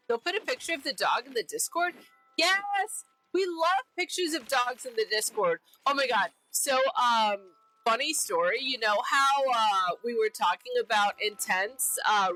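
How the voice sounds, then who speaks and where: Bright-voiced bubbly woman streamer. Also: on the high side, rough recording. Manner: bubbly, repeats herself, giggly silly name-calling. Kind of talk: casual chat while playing a game.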